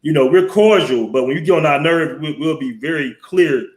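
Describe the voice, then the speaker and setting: A man's voice: on the high side, moderate pace, reverberant, slight background noise. A man, hosting a blunt, profane, chatty live stream on a headset mic. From Southern US. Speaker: host. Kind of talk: casual live-stream storytelling. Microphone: headset mic with headphones.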